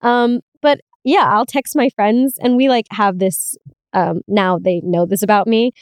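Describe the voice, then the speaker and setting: A woman's voice: medium pitch, fairly even intonation, measured pace, smooth, no echo, clean studio sound. A young woman hosting a casual solo podcast, talking candidly, swearing freely and laughing often. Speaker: podcast host.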